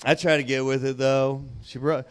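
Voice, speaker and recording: A young adult man doing a profane stand-up comedy set on a club stage, swinging between loud shouting and low mutters. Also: little pitch movement, moderate pace, clear, resonant tone.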